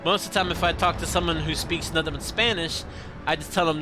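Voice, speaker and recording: A man's voice: fairly high pitch, fairly even intonation, quick pace, background noise. A man streaming a game and chatting with his viewers in a joking, self-deprecating way. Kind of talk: casual live-stream chat while playing. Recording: game music playing clearly behind.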